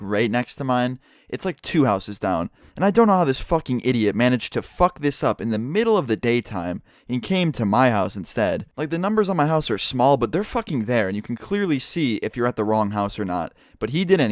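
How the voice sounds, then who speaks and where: A young man telling a story to his vlog audience in an excitable, profane way, from his room at home. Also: mid-range voice, no room sound, studio quality. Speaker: vlogger.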